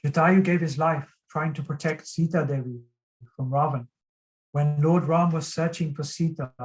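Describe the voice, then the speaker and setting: A man giving a devotional talk, earnestly retelling a sacred story with frequent pauses. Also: a little high, poor audio. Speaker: devotional speaker.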